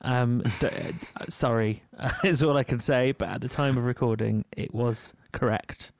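A man's voice: medium pitch, unhurried, gravelly, slight background noise. A man with a Yorkshire accent co-hosting a music podcast in casual chat, full of ums and little laughs. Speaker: podcast co-host.

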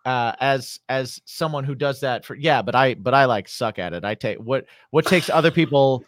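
A man's voice: medium pitch, normal speed, no echo, clean studio sound. A man hosting a podcast, chatting in an easygoing, self-deprecating way. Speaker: podcast host, musician. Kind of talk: casual podcast chat.

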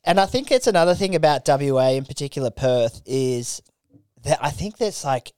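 Guy guest, smooth clear voice, close dry sound, laid-back. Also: a little high, lively intonation, moderate pace, darkish tone, dry recording. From Australia. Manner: laid-back swearing storyteller. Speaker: podcast guest. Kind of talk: casual chat.

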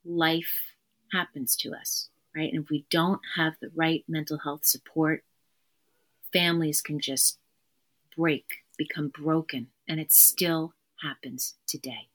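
A woman therapist speaks as a guest on an interview podcast, with a voice that sits a little low. She talks earnestly and with emphasis, often repeating her key phrases. Her manner is conversational. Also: fairly even intonation, takes it slowly, a bit bright.

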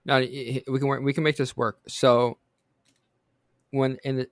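A man co-hosting a podcast in casual comedic chat, rambling and repeating words as he pitches ideas. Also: little pitch movement, normal speed, dry recording, studio quality. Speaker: podcast co-host.

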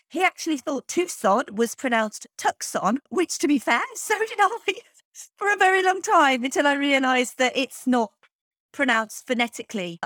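A woman's voice: on the high side, fairly bright tone, dry recording, studio quality. A woman hosting a podcast, reading a script with chatty, opinionated asides. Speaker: podcast host.

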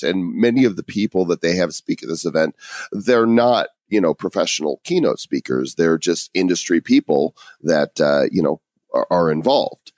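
Man, very low voice, lively swooping pitch, wry podcast co-host, dry sound. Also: normal speed, dry recording. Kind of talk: casual podcast chat.

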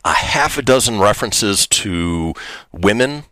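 A man's voice: lowish voice, lively intonation, unhurried, bright, forceful tone, dry recording. A man hosting a radio show in casual chat, laughing often and using many fillers.

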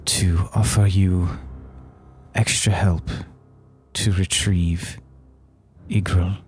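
A man voicing a grieving female mushroom-folk figure who speaks formally and haltingly in a tabletop game. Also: low voice, steady tone, darkish tone, pitched below the performer's own voice. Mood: solemn.

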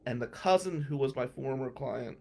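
Animated man telling a story. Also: fairly high pitch, normal speed. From New Jersey. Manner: animated, acts out the voices of people in his story. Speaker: podcast guest. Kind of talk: storytelling anecdote.

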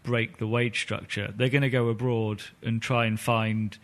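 A man's voice: medium pitch, level tone, moderate pace. A man, co-hosting a casual football podcast, blunt and matter-of-fact. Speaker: podcast co-host.

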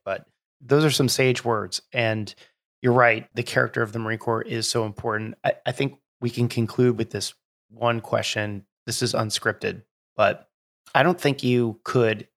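A man's voice: fairly low pitch, vocal fry, fairly bright tone. A man hosting a podcast, asking long rambling questions that restart mid-sentence. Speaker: podcast host. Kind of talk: interview questions.

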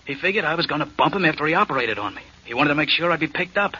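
Urgent and pleading, a desperate prisoner begging to be believed. His fast, husky delivery sounds bright and strained. It comes through a dull old radio recording. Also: fairly high pitch, expressive, exaggerated voice. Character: desperate man wrongly jailed, pleading. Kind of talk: 1940s radio acting.

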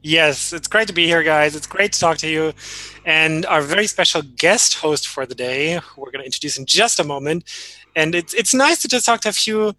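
A man's voice: on the high side, lively intonation, moderate pace, sharp tone, dry recording, soft background music, poor audio. A man joining a podcast as a guest over a video call, chatting in a playful way. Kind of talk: casual podcast chat. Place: home room in Munich.

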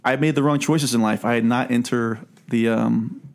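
A man's voice: medium pitch, fairly even intonation, normal speed, creaky. A man hosting a casual podcast chat, talking in a chatty, jokey way. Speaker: podcast host.

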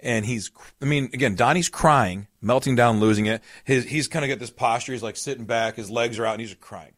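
With a medium pitch and a fairly bright tone, the same kind of financial-advisor podcast host talks fairly quickly and earnestly. Family anecdotes, acted-out quotes, and repeated key points carry his explanations, recorded at studio quality with no room sound.

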